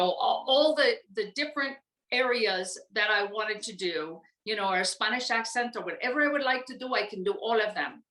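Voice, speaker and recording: Older american lady rambling on about her career, bright voice, echoey room. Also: fairly high pitch. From United States. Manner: chatty, rambling with many fillers. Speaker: guest voice actress. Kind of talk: casual interview chat.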